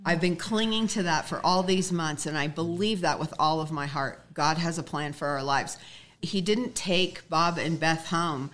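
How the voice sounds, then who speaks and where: A woman's voice: sits low, normal speed, a bit bright. A woman guest telling a personal story in earnest, acting out the dialogue she quotes.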